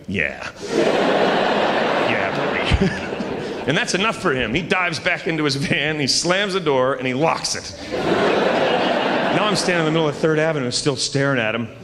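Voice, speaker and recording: A man doing stand-up comedy on a theater stage, telling an animated story and acting out the people in it. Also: on the high side, moderate pace. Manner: animated, acts out characters in his story. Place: large theater stage with live audience. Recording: live hall with loud crowd noise.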